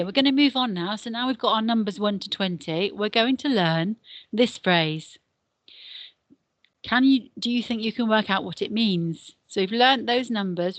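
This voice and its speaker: A woman's voice: medium pitch, dry recording. An English woman teaching a beginner Spanish lesson, patiently drilling words and numbers. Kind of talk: recorded classroom lesson.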